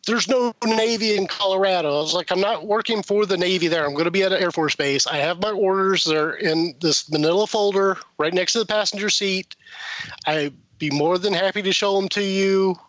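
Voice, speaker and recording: A high-pitched man spins a rambling story for his podcast friends, chuckling and putting on the voices of the people in it. The recording is dry and a little muffled. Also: brisk, no room sound. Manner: animated, laughs while telling, acts out quoted voices. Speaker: podcast guest. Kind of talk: casual storytelling.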